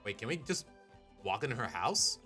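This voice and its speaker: A young man streaming a game and chatting with his viewers, animated and jokey. His voice is bright and swings widely in pitch as he riffs and sometimes puts on goofy accents. His pitch sits in the middle for a man. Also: moderate pace, soft background music. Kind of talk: casual live-stream chat.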